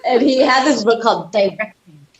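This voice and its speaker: A woman's voice: fairly high pitch, expressive, moderate pace, dull audio, crowd noise. A woman from the United States, a film director and podcast guest, telling stories animatedly, laughing, swearing and acting out other people's voices. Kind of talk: casual interview storytelling.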